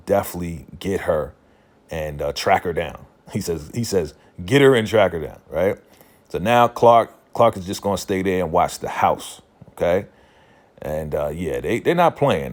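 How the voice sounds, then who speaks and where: Male recap host, deep voice, casual and animated, paraphrases characters' lines while retelling. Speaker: recap reviewer.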